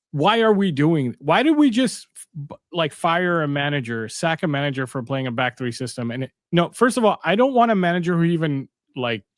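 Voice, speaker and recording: A fairly high-voiced man co-hosting a casual football stream. He sounds blunt and incredulous as he argues his opinions. The sound is dry and close. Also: dry recording. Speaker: co-host. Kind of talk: casual livestream chat.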